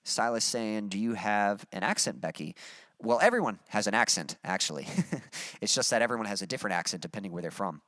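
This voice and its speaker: Low-voiced man with a mild Texas accent. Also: a little fast, no room sound, studio quality. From Texas, USA. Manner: relaxed, rambling, many fillers. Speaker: musician streamer reading chat. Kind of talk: casual livestream chat.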